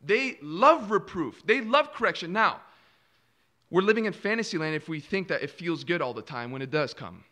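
A man preaching a sermon, firing rhetorical questions and acting out quoted replies with sudden drops to a hush and swells in volume. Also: high voice, animated, normal speed.

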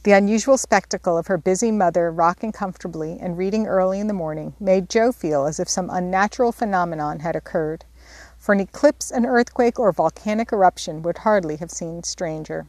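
A woman reading a classic novel aloud as an audiobook narrator, in a steady, measured storytelling voice. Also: fairly low pitch, no room sound. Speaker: audiobook reader. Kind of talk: scripted narration.

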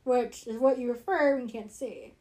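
A woman in casual chat, telling stories in an animated way and laughing often. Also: fairly high pitch, moderate pace. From United States.

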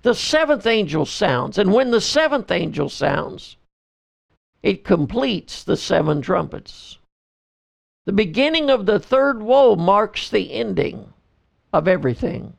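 A man, a pastor and podcast host, teaching through a Bible book verse by verse, reading scripture in slow measured phrases. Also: sits high, sing-song, gravelly.

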